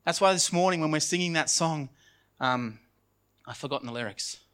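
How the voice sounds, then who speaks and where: A man preaches in a church with an earnest, pleading delivery. His voice sits a little higher than most men's. He repeats phrases and often lets them fall soft and low. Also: moderate pace. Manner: earnest, repetitive preaching with restarts and sudden soft drops. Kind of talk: sermon.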